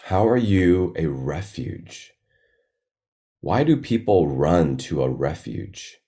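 A man with a very low, dark, mellow voice leads a sermon. He talks slowly and meditatively, pausing over each line. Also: expressive. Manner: slow and meditative. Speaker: pastor.

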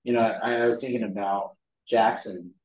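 A man's voice: fairly low pitch, steady tone, normal speed, a little mellow. A man leading a Bible study in a casual teaching style, rambling with many ums and restarts. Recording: roomy sound from a distant mic.

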